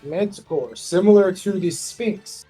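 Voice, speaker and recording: A man's voice: high-pitched, a little slow, dark tone, breathy edge, soft background music. A man explaining game lore in a nerdy way during casual gaming chat.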